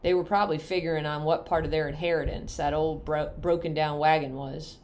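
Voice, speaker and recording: Woman reading a novel aloud, low voice. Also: steady tone, fairly quick, darkish tone. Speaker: reader.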